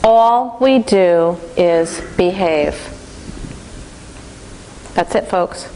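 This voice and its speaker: A woman instructor giving a lively, conversational lecture in a classroom, speaking straight to the class. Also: on the low side, extremely slow, a little hiss or hum, low-quality recording.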